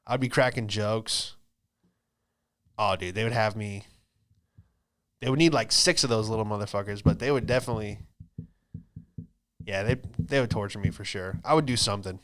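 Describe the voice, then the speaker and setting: A man hosting a podcast, doing a loose, profane comedic monologue and slipping into quick put-on voices. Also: medium pitch, smooth. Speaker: podcast host, stand-up comedian.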